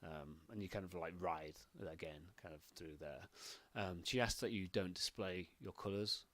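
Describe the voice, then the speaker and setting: A man's voice: low voice, normal speed, a bit bright. A man narrating as game master, rambling with many fillers.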